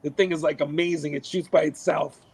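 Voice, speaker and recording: A middle-aged man, a podcast guest, telling stories in a casual, animated way, cursing freely and acting out what people said. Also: on the high side, fairly quick, gravelly, husky, rough recording. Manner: animated, swears a lot, acts out quotes. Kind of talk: casual storytelling.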